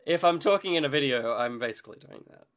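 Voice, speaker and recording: A man co-hosting a casual podcast chat, still groggy after a late night. He talks in a halting, chatty way, restarting sentences and breaking into quick laughs. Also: mid-range voice, animated, a crowd in the background. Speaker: podcast co-host.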